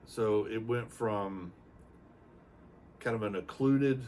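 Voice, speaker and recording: An older man with a low voice tells his story in a casual, rambling way, acting out bits of dialogue as he goes. The mic sits some way off. A faint hum of room noise runs behind him. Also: far from the mic. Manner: rambling, animated retelling with acted-out quotes. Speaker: retired Navy aircrewman giving a testimonial.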